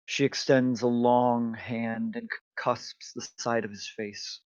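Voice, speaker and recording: Male game master, deliberate narrator, dry and slightly lo-fi. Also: medium pitch, flat delivery, smooth, no room sound. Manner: descriptive, unhurried narration. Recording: dull lo-fi mic.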